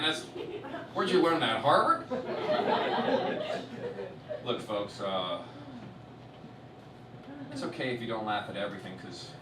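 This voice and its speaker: A young man from Miami doing a stand-up comedy set, swearing a lot and swinging from muttered asides to loud bursts. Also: fairly low pitch. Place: large live comedy venue with audience. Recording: roomy, distant live stage recording with loud crowd noise.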